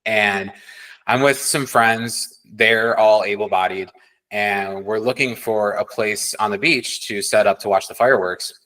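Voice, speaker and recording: A man's voice: fairly low pitch, steady tone, a little slow, pushed and bright, poor audio. A young man from the Chicago area co-hosting a podcast, telling stories candidly and acting out other people's lines. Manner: earnest, candid storyteller who acts out voices. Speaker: podcast co-host. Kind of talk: casual chat.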